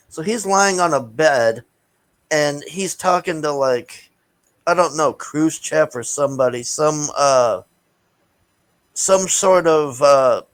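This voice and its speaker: A man's voice: medium pitch, a bit bright, dry recording, low-quality recording. A man giving a casual, rambling movie review, blunt and profane, with lots of fillers and restarts. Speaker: vlogger reviewing a film.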